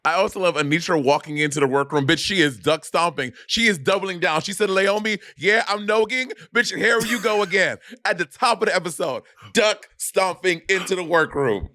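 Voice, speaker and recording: An excitable man co-hosting a comedy recap, swearing freely and acting out quotes from the people he discusses. His voice sits a touch high for a man, and the sound is dry and close. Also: normal speed, hardly any pauses, no echo. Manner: excitable, profane, laughs often, acts out quotes. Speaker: podcast co-host. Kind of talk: casual comedic recap chat.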